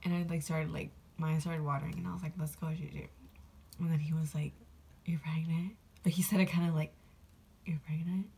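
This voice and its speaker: A woman's voice: low-pitched, flat delivery, quick pace, creaky, dark tone, breathy edge. A young woman vlogger casually telling a personal story, rambling with lots of fillers and getting emotional. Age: young adult.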